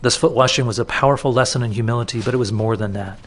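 Guy preaching a sermon, mid pitch, chatty, keeps repeating stuff for emphasis. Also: very fast. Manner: conversational, repeats words for emphasis. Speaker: pastor. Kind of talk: expository sermon.

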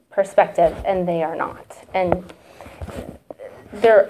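In a church testimony talk, a woman in her 30s speaks in a mellow, mid-range voice over slight background noise. Her delivery is conversational, candid and emotional, dotted with fillers and asides.

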